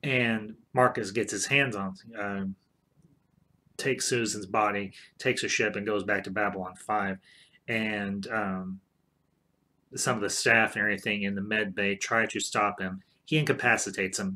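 A man's voice: lowish voice, sharp tone. A man casually retelling a TV storyline, rambling with many fillers and restarts. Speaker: show commentator.

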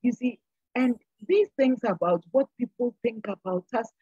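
A woman's voice: on the high side, normal speed, warm tone, husky, no room sound, highs cut off. An older woman speaking as a guest on a church program, giving an earnest, sermon-like exhortation and repeating phrases for emphasis. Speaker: panel guest.

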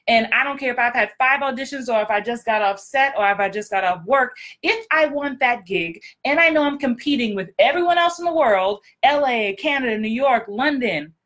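Woman, acting coach, blunt and direct, emphatic repetition, bright tone. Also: sits high. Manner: frank, emphatic, repeats for effect. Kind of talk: motivational vlog talk.

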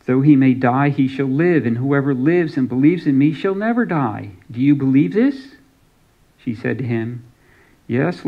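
A man's voice: medium pitch, creaky. Man preaching a sermon, slightly dull recording. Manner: reads scripture aloud with some dramatic emphasis. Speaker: pastor. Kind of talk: sermon with scripture reading.

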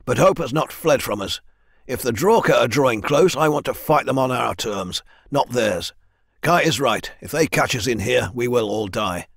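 A steady, loyal soldier, as a male narrator plays him, firm and earnest. His voice is mid-pitched, raised slightly, and recorded dry. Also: normal speed, gravelly, no room sound.

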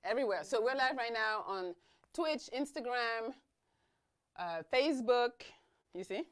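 A woman's voice: a little high, lively intonation, measured pace, clear, resonant tone. A woman hosting a casual live-streamed talk show, chatty and laughing, wearing a mic. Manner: chatty, laughing, talks over her guest. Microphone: mic'd up.

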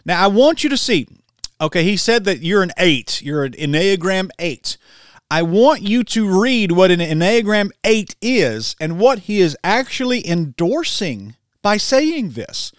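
A man's voice: sits high, very animated, unhurried, smooth, no echo, clean studio sound. A man preaching as a Christian online minister, reading a web page aloud and rebuking it in an emphatic, scolding, incredulous way.

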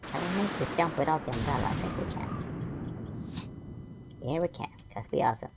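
A woman's voice: sits low, animated, fairly quick, over loud music. A woman playing through a video game, chatting playfully with herself, humming and making up nonsense words as she goes. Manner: silly, sing-song, makes up nonsense words. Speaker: gameplay commentator. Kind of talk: playful gameplay commentary.

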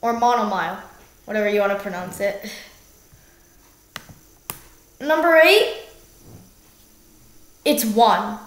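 A young woman with an animated, mid-range voice casually walks through algebra problems as a math tutor. She goes slowly, fixes her own mistakes, and jokes now and then, in a room with noticeable echo.

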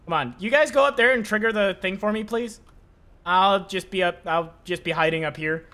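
A man streaming a video game live, talking through his play with excitable commentary and frequent swearing. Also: high-pitched, normal speed. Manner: excitable, swears often, shouts at enemies.

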